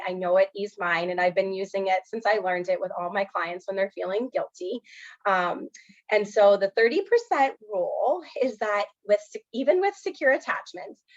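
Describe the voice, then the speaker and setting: Woman, counselor, earnest talk, lots of "um" fillers, mid-pitched voice, dull lo-fi audio. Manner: earnest, filler-heavy, often says "um" and "you know". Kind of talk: educational presentation.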